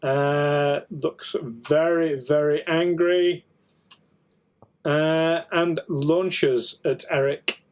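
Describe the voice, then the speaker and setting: A man running a tabletop game as game master, narrating in an unhurried, hesitant way. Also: fairly high pitch, steady tone.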